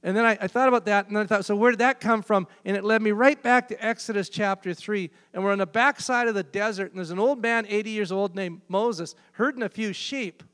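High-voiced preacher in a reverberant hall. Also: male voice, a little fast, hardly any pauses, a bit bright, smooth. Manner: emphatic, repeats key phrases. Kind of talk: sermon.

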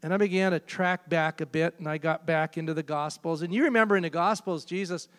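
A man's voice: on the high side, brisk. A man preaching a sermon, emphatic and repeating key phrases for weight. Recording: long hall reverb.

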